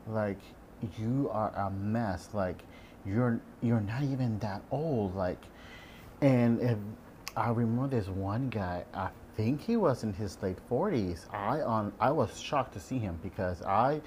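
A man's voice: on the low side, a little mellow, a little hiss or hum. A man working as an ultrasound technologist, ranting casually and candidly about patients, swearing freely and mimicking them.

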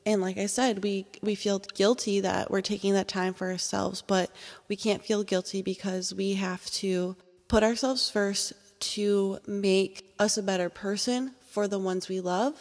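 A woman in her thirties hosting a casual solo podcast from home, talking in a chatty, heartfelt way that turns excited and emotional. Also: mid-range voice, a little slow, long reverb tail. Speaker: podcast host. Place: at home, indoors.

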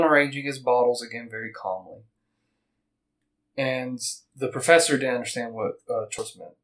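This male podcast host, whose mid-range voice is a touch bright, reads passages aloud and breaks for casual chat and jokes. His delivery rambles, quotes get quick put-on voices, and the recording is low quality.

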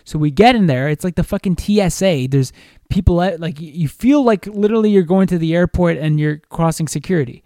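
A young man on a podcast telling a long, animated story in casual chat, swearing freely and restarting his sentences often. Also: fairly high pitch, a little fast, no room sound, studio quality. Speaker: podcast co-host.

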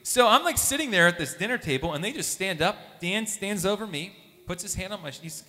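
Animated man telling his story in a reverberant hall. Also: sits high, brisk. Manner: animated storytelling, acts out quoted voices. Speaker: youth minister. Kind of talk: testimony talk.

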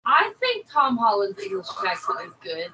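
Offhand woman podcast co-host, bright and animated, a bit off-mic with faint noise. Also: a little high, moderate pace, distant mic, rough recording. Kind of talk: casual podcast chat.

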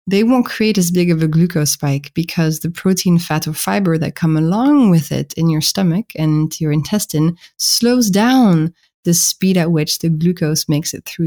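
A woman with a French accent, a guest author explaining her ideas in an earnest, gentle way during a podcast interview. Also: sits low.

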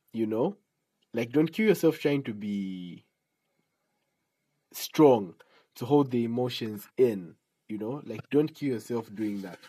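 A man hosts a casual solo podcast in a middle-pitched voice. He talks in a chatty, joking way and laughs at his own asides. Now and then his voice leaps high in animated outbursts. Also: husky, low-quality recording. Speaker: podcast host.

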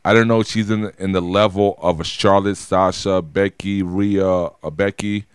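A man with a fairly low voice talks through a casual podcast chat, circling back and restarting his sentences as he goes. The sound is dry and close, with no room around it. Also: steady tone, moderate pace, smooth, no room sound. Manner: rambling, many restarts and repeats. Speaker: podcast co-host.

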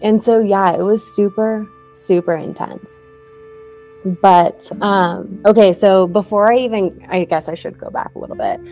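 A woman's voice: medium pitch, measured pace, dark tone, soft background music. A young woman telling her own story in a casual, chatty way, full of "like" fillers and light laughs.

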